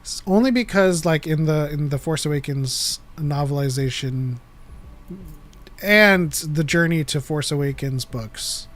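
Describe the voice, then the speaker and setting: A man on a casual fan podcast lays out his reasoning in careful detail. His voice is a little high for a man. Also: a little slow, a bit bright. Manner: detailed, explanatory. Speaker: podcast co-host.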